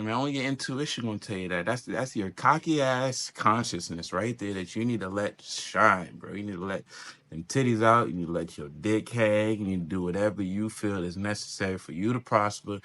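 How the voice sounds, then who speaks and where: A man giving a rambling, profane motivational monologue full of slang, jumping into loud, high mimicking bits. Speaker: self-help speaker.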